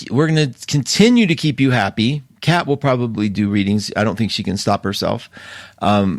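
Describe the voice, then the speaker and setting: A man's voice: medium pitch, no room sound, clean studio sound. A man hosting a live astrology show, chatting in a rambling, casual way and laughing often. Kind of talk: casual live-stream talk.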